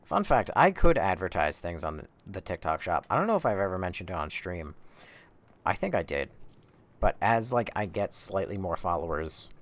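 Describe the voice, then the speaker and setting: A man's voice: deep voice, very animated, moderate pace. A young man casually commentating a horror game on stream, rambling and swearing as he plays. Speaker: livestreamer playing a horror game.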